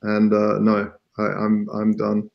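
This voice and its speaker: A man's voice: fairly low pitch, monotone, slow, creaky, dull audio. A man with an Australian accent, a guest on a chat show, dry and laid-back. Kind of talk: casual chat.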